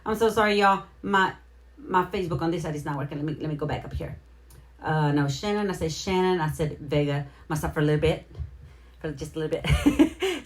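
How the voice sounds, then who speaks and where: A woman's voice: low voice, lively intonation, a little fast. A woman hosting a casual live stream, explaining things in a roundabout way and greeting her viewers by name. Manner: chatty, greets viewers by name, repeats herself. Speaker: livestream host.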